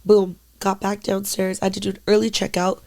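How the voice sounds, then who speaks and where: A young woman with a gravelly, creaky voice, co-hosting a casual podcast. She tells a story candidly, with lots of "like" fillers and plenty of swearing. Her pitch sits mid-range for a woman. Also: level tone, brisk, a little mellow, slight background noise. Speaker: podcast co-host. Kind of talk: casual chat.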